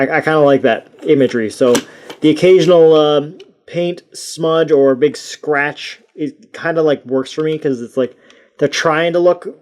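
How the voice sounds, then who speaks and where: A man with a somewhat higher speaking voice talks through a toy review in a loose, chatty way. He rambles, restarts his sentences and pokes fun at himself as he goes. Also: darkish tone. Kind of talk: casual toy review talk.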